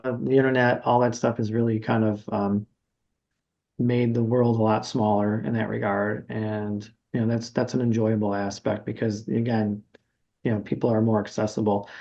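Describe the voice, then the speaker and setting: A man's voice: medium pitch, fairly even intonation, moderate pace, mellow, highs cut off. A middle-aged man, a guitarist and music teacher, talking casually in an interview, rambling with many fillers and restarts. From Buffalo, New York area. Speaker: guest guitarist and music educator.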